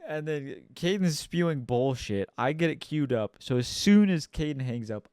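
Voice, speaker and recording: A man's voice: fairly high pitch, expressive, moderate pace, a little mellow, smooth, no echo, studio quality. A young man co-hosting a podcast, telling a rambling story in casual chat, swearing often and mimicking people as he goes. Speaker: podcast co-host.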